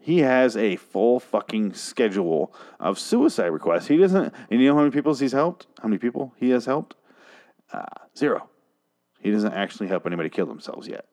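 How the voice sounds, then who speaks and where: A man's voice: mid-range voice, sing-song, a little fast, few pauses, darkish tone. A man casually recapping a TV episode, rambling, sarcastic and profane, with frequent asides and restarts. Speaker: show recap host.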